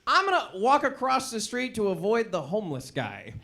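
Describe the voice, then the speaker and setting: A man's voice: sits high, huge pitch swings, moderate pace, vocal fry, bright, forceful tone. A man in his thirties performing a stand-up set in a theatre, rambling and self-deprecating with lots of fillers. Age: 30s. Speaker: stand-up comedian. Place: theatre stage.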